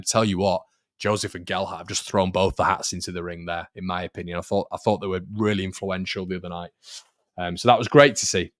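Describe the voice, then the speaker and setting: Chatty football fan host. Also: male voice, low voice, a bit bright, dry recording, clean studio sound. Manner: chatty, repeats phrases, reads viewer comments. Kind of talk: casual live-stream football chat.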